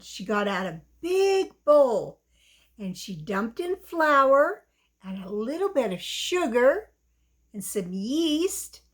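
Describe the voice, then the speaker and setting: Gentle woman storyteller for children, high and lively in pitch. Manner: gentle, sing-song, speaks to children. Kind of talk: reading a children's story aloud.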